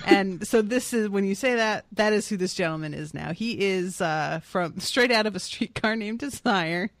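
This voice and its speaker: A podcast co-host chatting casually about a book, animated and joking with playful asides. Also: medium pitch, normal speed, few pauses, no room sound. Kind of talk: casual book discussion chat.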